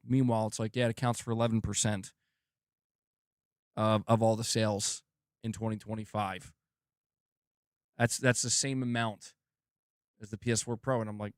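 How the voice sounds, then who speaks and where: A man's voice: lowish voice, level tone, normal speed, pauses often, smooth, no room sound, clean studio sound. A man hosting a gaming channel in a casual livestream chat, laid-back, swearing and laughing often, with a sore throat.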